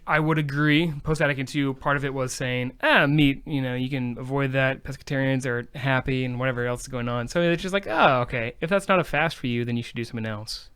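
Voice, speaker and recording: A priest appearing as a guest on a casual chat show, explaining church rules with dry asides. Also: male voice, medium pitch, fairly bright tone, smooth, dry recording.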